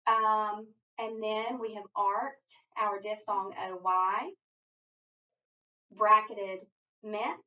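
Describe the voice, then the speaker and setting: A woman tutoring phonics, breaking each rule into small encouraging steps. Her voice is bright and clear but sits a little back from the mic, on a dull lo-fi recording. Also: medium pitch, fairly even intonation, drawn-out words, recorded from a distance. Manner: encouraging, step-by-step instruction. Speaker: reading teacher.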